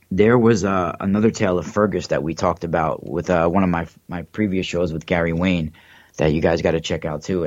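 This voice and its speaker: Deep and slightly mellow, the male host's voice carries a rambling, hesitant livestream chat full of fillers and restarts. The recording is dry, and the high frequencies are cut off.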